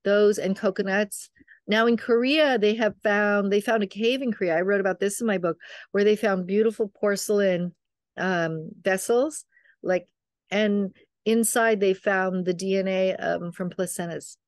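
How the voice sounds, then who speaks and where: In a clean studio recording without echo, an older woman who is a midwife and author speaks at a measured pace in a mid-range voice. As a guest in a casual storytelling chat, she rambles through family stories and acts out the lines of the relatives she quotes.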